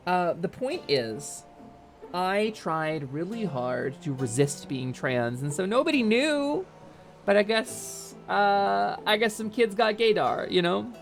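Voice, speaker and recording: A woman's voice: fairly low pitch, creaky. A woman from North New Jersey with a North Jersey accent, chatting frankly to her stream audience with lots of fillers and restarts. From North New Jersey, United States. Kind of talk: candid chat during a game stream.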